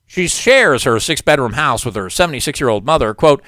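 A man's voice: medium pitch, expressive, a little fast, hardly any pauses, a bit bright, dry recording, clean studio sound. A man hosting a political commentary show, reading news aloud with sarcastic asides. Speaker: host.

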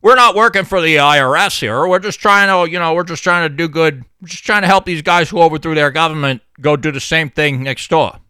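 A man's voice: fairly high pitch, brisk, few pauses, bright, forceful tone, clear, resonant tone, no room sound. A man voicing a smug, chummy male intelligence agent in a sarcastic, buddy-buddy way. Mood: dismissive.

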